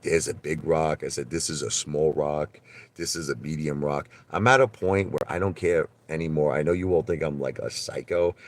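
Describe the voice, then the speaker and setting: A man chatting casually on a live stream, rambling and animated as he tells stories. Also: rumbling low. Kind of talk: rambling casual livestream chat.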